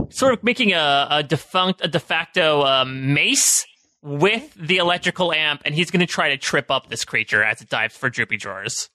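An excitable man playing a tabletop game, laughing often. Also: fairly high pitch, normal speed, no room sound, poor audio. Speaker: player. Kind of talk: casual tabletop play.

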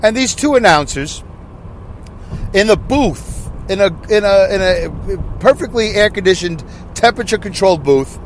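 Excitable rambling podcast man. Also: sits high, moderate pace, slight background noise. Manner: excitable, rambling, loud, with many asides. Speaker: podcast host. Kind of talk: casual solo podcast rambling. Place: in his car.

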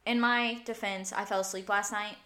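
A woman with a bright, forceful voice co-hosts a relaxed podcast chat. She talks in a chatty, laughing way, her sentences full of "like". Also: medium pitch, normal speed. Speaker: podcast co-host. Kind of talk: casual chat.

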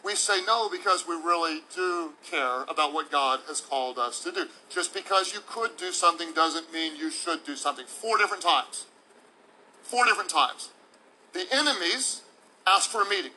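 A man's voice: a little high, expressive, moderate pace, bright, forceful tone, a little hiss or hum, low-quality recording. A male pastor delivering a sermon in an emphatic, playful way, acting out examples for the congregation. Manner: emphatic, playful preacher who acts out examples.

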